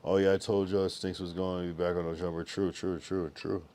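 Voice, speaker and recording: A sleepy young man chats with his livestream viewers, reading their comments and yawning occasionally. His voice is low and mellow with a level tone and fairly quick pace, and his talk is laid-back and drowsy, full of slang and loose asides.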